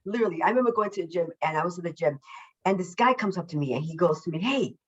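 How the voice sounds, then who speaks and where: Woman, self-love coach, podcast guest, upbeat and emphatic, low-pitched, muffled video-call audio. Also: animated, slightly rough. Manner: deliberately slowing her usual fast speech. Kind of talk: casual podcast interview.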